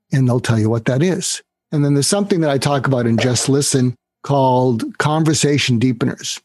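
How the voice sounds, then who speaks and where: A man with a slightly husky, mid-pitched voice explains step by step how to handle a buyer, often jumping into quoted lines. The sound is dry and close, with no room around it. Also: dry recording. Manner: animated, acts out dialogue with raised pitch for quoted lines. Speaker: guest expert on sales and negotiation. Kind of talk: explanatory interview talk.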